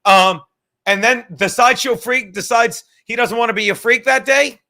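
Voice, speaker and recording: A man's voice: extremely high pitch, moderate pace, pushed and bright. A tired man hosting a casual live stream from home, rambling and swearing, with joking asides to the chat. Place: home room.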